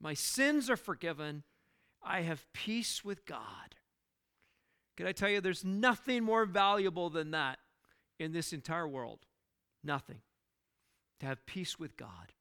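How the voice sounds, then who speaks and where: A high-pitched male pastor preaching in a slow, deliberate rhythm. His voice is smooth and clear, and he leans on rhetorical questions and repeated words. He preaches with earnest conviction. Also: lively intonation, bright, forceful tone. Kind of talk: sermon.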